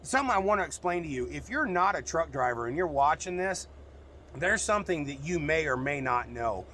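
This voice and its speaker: A man's voice: a little high, lively intonation, brisk, sharp tone, a little hiss or hum. Frank, rambling trucker man. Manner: frank, rambling, cusses freely. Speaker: truck driver and vlogger. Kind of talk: casual vlog talk.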